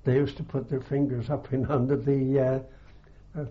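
An older man with a halting, unhurried way of talking, full of ums and restarts, recalling his army days in an oral history interview. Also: mid-range voice, little pitch movement. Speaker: veteran interviewee. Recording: dull lo-fi archive tape.

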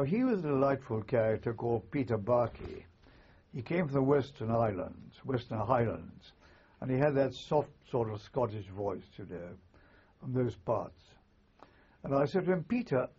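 An older man, a former army chaplain, recalling wartime memories in an oral history interview, with halting, understated speech and frequent restarts. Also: mid-range voice, darkish tone, slightly rough. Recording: muffled lo-fi recording.

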